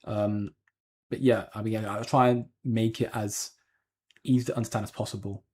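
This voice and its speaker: A man's voice: on the low side, flat delivery, normal speed, darkish tone, breathy edge. A man hosting a crypto livestream, chatting casually and answering viewer comments with lots of ums and restarts. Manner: rambling, hedging, frequent ums and restarts. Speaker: crypto channel host.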